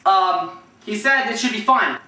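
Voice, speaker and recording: A man's voice: high-pitched, unhurried, pushed and bright. A young man rambling through stories about his football team in a casual way, with restarts and bursts into impressions of his coaches. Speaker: vlogger telling team stories. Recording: echoey room, mic at a distance.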